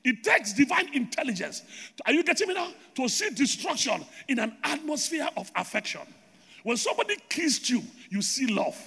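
A man preaching a sermon with loud shouted declarations and rhythmic repetition, recorded in a large reverberant hall. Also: extremely high pitch, sing-song, normal speed, gravelly, breathy edge.

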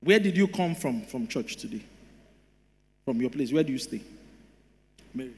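A male pastor preaching a sermon emphatically, jumping from shouted lines to low asides and laughing often. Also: animated, normal speed, vocal fry. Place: church hall. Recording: long church-hall reverb.

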